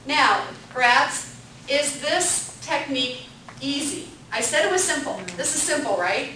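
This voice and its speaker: A woman's voice: high-pitched, expressive, measured pace, bright, forceful tone, slight background noise. A woman teaching a parenting class, upbeat and questioning the group and echoing back their answers. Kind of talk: interactive classroom lecture. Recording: echoey room from a distant mic.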